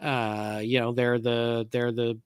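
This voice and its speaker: A man's voice: medium pitch, flat delivery, slow, clean tone, no echo, studio quality. A man co-hosting a podcast, chatting casually and thinking aloud as he reads through classic car auction results. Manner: knowledgeable about classic cars. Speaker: podcast co-host. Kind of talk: casual chat.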